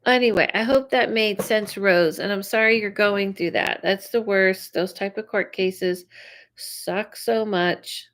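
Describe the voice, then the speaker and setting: A woman's voice: medium pitch, steady tone, unhurried, fairly bright tone. A woman psychic host giving live readings, chatty and reacting to viewer comments aloud. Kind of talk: live-stream reading chat.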